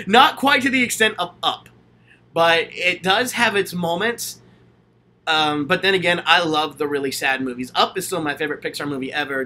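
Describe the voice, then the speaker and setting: An upbeat man with a slightly high, bright, forceful voice, speaking in a casual livestream Q&A. He gushes enthusiastically and rambles with plenty of fillers as he answers his audience. His own handheld camera picks him up. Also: a little hiss or hum. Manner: enthusiastic, gushing, chatty with many fillers. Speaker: channel host answering viewer questions. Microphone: handheld camera, self-filmed.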